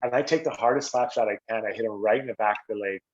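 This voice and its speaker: A middle-aged Canadian man, a former hockey player, telling stories casually on a podcast and acting out quotes with a raised voice. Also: rapid-fire. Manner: animated, acts out quotes with raised pitch. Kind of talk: casual storytelling. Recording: slightly dull lo-fi audio.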